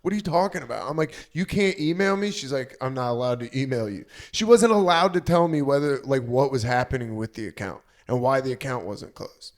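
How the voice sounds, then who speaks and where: A man's voice: mid-range voice, a little fast, hardly any pauses. A man co-hosting a comedy podcast, telling a story in casual chat and acting out the back-and-forth of both sides. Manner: animated storyteller who acts out quoted exchanges. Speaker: podcast co-host.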